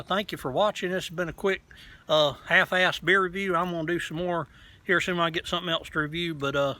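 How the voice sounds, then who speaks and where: A beer reviewer running his own channel records outside, talking with a sharp, higher-pitched voice. His delivery is loose, candid and rambling, with casual swearing mixed in.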